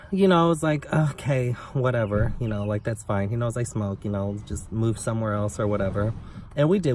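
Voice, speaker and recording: A young man telling a story on his vlog in a blunt, sassy, profane way, with big swings in pitch. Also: a little mellow. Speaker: vlogger. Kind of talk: casual storytime rant. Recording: somewhat distant mic with faint background noise.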